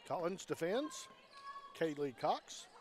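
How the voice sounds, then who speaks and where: A man calling a local high school girls' basketball game play by play, folksy, with small jokes between the plays. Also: slow pace, slight background noise. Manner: folksy and joking, animated with scores. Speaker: play-by-play commentator.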